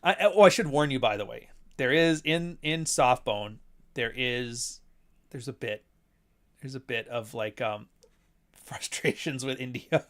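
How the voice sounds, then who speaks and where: Man, mid-pitched voice, blunt, profane, rambling casual stream chat. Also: unhurried, a bit bright. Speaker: host, author. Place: home near Toronto.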